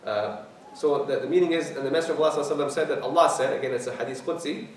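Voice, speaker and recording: A man teaching as an imam, explaining scripture in a lecture, repeating key words and reciting quickly. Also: a little high, slight background noise. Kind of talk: tafsir lecture. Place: mosque hall. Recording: very echoey hall, mic at a distance.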